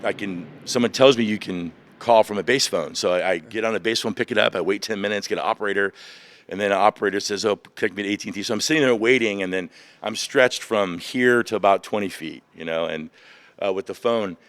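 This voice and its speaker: A man in his fifties, a veteran guest on a podcast, candidly retelling personal stories in an animated way. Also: lowish voice, quick pace, dry recording. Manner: animated, vivid retelling of past events.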